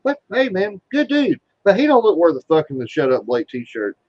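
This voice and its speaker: A man's voice: sits high, wildly swooping pitch, normal speed, a little mellow, dry recording. Foul-mouthed rambling man, lo-fi recording. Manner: crude, rambling, swears constantly. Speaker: guest being interviewed. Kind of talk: casual chat. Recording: dull, dry lo-fi sound.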